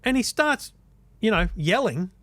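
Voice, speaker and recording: An Australian man co-hosting a podcast, telling a story in casual chat and acting out quotes with animated bursts. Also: high-pitched, unhurried, no room sound. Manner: animated, acts out quotes loudly. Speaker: podcast co-host.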